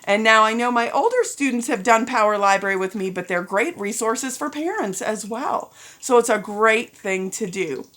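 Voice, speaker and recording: A woman's voice: a little high, lively intonation, normal speed, hardly any pauses. A woman school principal giving end-of-year announcements, upbeat and encouraging, getting a little teary as she talks to students and parents. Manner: upbeat, addresses students as ladies and gentlemen.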